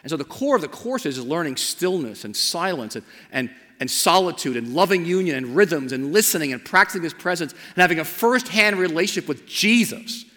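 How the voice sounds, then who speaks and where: A man preaching a sermon as pastor of his church. He builds to emphatic repeated lines, then drops to a soft, slow invitation. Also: on the high side, animated. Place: church sanctuary. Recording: long church hall reverb.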